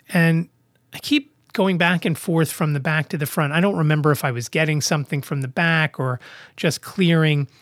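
A man's voice: on the high side, no echo, clean studio sound. A blind man hosting his own podcast, telling a personal story in a casual monologue and acting out both sides of the conversation. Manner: animated, acts out both sides of dialogue. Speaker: podcast host.

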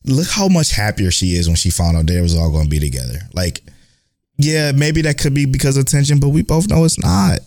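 A man co-hosting an anime talk podcast, chatting in an animated, excitable way and swearing freely. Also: mid-range voice, brisk. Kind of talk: casual chat.

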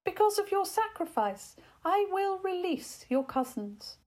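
A woman's voice: very high-pitched, very animated, measured pace, a little mellow, voice pushed up, heavily acted. A woman voicing a regal, gracious fairy queen in a children's story, making stately pronouncements.

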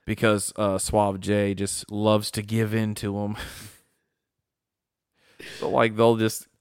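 A man's voice: lowish voice, takes it slowly, clear, resonant tone, no room sound, studio quality. A young man co-hosting a casual podcast, swearing freely and acting out voices as he tells stories. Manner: crude, animated storyteller who acts out voices. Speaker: podcast co-host. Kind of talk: casual chat.

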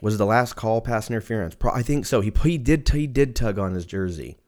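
Profane, rambling young man, low voice. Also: brisk, a little mellow. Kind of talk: casual solo chat.

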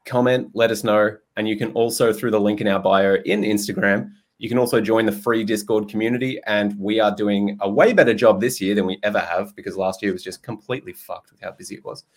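A man's voice: lowish voice, fairly even intonation, brisk, few pauses. A young man hosting a podcast in a casual, jokey way, swearing freely and laughing often. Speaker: podcast host and nutrition coach. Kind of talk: casual chat.

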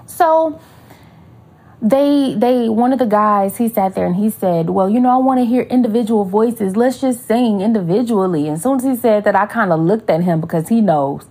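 Husky woman host, casual and animated, slangy storytelling, acts out other people's voices. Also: mid-range voice, moderate pace. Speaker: podcast host.

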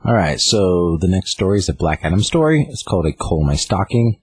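A man's voice: deep voice, big pitch swings, a little fast, breathy edge, dry recording. A man casually retelling a comic book story on a podcast, rambling with lots of fillers. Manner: rambling, lots of fillers, reads out character lines.

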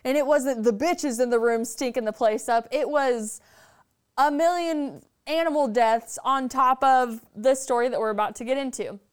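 A woman telling a story as a podcast guest, animated and chatty, swearing freely. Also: high-pitched, moderate pace, clean tone. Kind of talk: casual storytelling.

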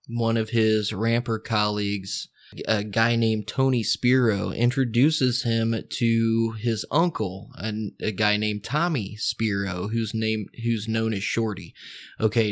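A man hosting a podcast who tells a true-crime story casually, loose and profane, with lots of fillers and asides. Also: on the low side. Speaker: podcast host.

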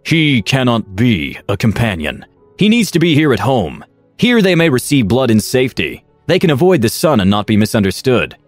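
A man's voice: mid-range voice, wildly swooping pitch, moderate pace, no room sound, faint music behind. A man voicing a stern, wealthy older father and shrewd businessman who speaks in a cold, commanding way.

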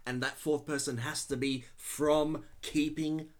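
A man co-hosting a podcast, talking through his view of a film in a halting, thinking-aloud way. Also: on the high side, flat delivery. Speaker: podcast co-host. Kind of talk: casual chat, film review.

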